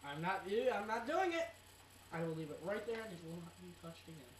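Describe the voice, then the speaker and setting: A playful, giggly co-host of a casual recap show who is quick to tease. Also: medium pitch, recorded from a distance. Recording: roomy amateur recording with faint noise.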